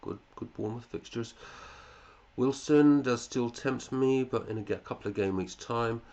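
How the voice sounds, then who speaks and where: A man's voice: medium pitch, normal speed, darkish tone. A male fantasy football podcast host in casual chat, running through listeners' teams, chatty, with muttered asides and casual swearing.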